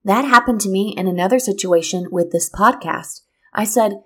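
A woman hosting a podcast, telling a personal story in a lively, expressive way and drawing a motivational lesson from it. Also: mid-range voice, normal speed. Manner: lively, expressive storyteller who acts out what people said. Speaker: podcast host.

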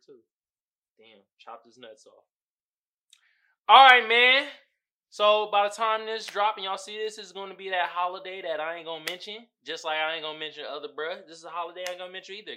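A man hosting a podcast, talking in a casual, slangy and profane way, animated and quick to laugh. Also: high-pitched. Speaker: podcast host.

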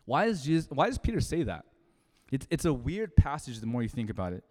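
A man in his thirties preaching a sermon, telling a personal story in a conversational way with sudden loud emphasis. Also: mid-range voice, sing-song, a little fast. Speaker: pastor. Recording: long hall reverb.

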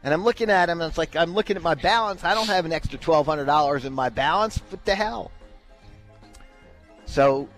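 A man's voice: a little high, a little fast, soft background music. A man hosting a radio talk show, telling a casual story and acting out the lines he quotes. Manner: animated, acts out quoted lines.

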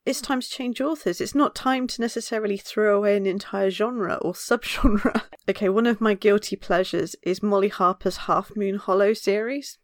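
A woman co-hosting a podcast, chatting casually, laughing often and telling stories with animated energy. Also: medium pitch, normal speed, hardly any pauses, no room sound, clean studio sound. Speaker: podcast co-host. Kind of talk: casual chat.

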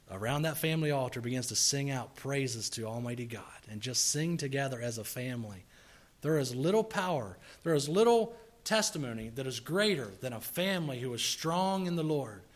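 A man preaching a sermon in a church service, earnestly pleading with and exhorting his congregation, rising to forceful emphasis. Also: mid-range voice.

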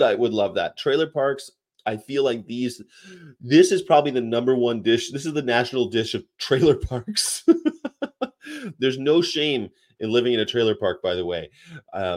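Low-voiced guy rambling on a stream, laughing a lot, reading chat. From United States. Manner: rambling, laughs often, mimics accents. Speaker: livestream host. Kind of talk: casual chat reading chat comments.

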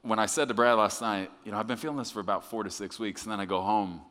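A male pastor preaching a sermon in a conversational way, with restarts, swinging from quiet confiding passages to loud emphatic ones. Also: lowish voice, fairly even intonation, quick pace, long reverb tail.

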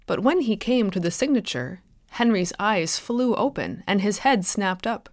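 A woman author narrating her own short story in a clear, measured storytelling voice. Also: mid-range voice, animated, a little mellow, dry recording, clean studio sound. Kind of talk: scripted narration.

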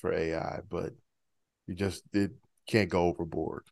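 A man's voice: low-pitched, flat delivery, a little slow, gravelly, a little mellow, no room sound. A man co-hosting a podcast in casual chat, laid-back and giving short replies. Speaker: podcast co-host and producer.

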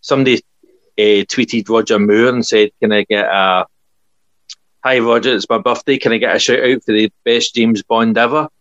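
A man's voice: fairly low pitch, fairly even intonation, moderate pace, fairly bright tone, no echo, lo-fi sound. A Scottish man co-hosting a podcast, telling chatty stories and laughing often. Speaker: podcast co-host. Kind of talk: casual chat.

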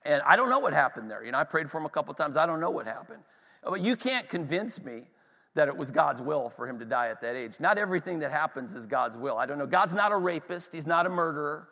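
A man preaching with rising passion and stopping to ask his listeners whether they follow. His voice is bright and forceful and sits a little high for a man. A long reverb trails every phrase, as in a large hall. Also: expressive, quick pace, creaky. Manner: impassioned storytelling to a congregation, asks "are you with me". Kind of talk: sermon.

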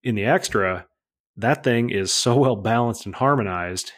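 Animated storytelling man, casual and blunt. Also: lowish voice, unhurried. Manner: lively, swears freely, acts out radio calls. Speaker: aerobatic pilot guest.

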